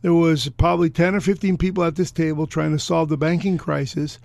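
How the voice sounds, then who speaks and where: An older man co-hosting a political chat, arguing sarcastically and pausing with "uh" as he searches for names. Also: a little high, steady tone, gravelly, a little mellow, no echo. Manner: argumentative, sarcastic, with halting "uh" pauses. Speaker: podcast co-host.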